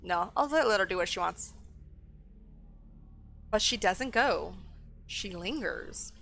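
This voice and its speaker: Animated, bright-voiced woman game streamer. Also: medium pitch, takes it slowly, creaky, long pauses. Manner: animated, chatty, thinks aloud. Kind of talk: casual let's-play commentary.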